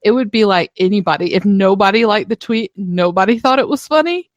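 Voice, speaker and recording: Twentysomething woman cohosting a podcast, casual and sweary, mid pitch, dead dry mic. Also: brisk, no echo, dull audio. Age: 20s. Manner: laid-back, swears often, acts out her past self. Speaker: podcast co-host. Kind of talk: casual chat.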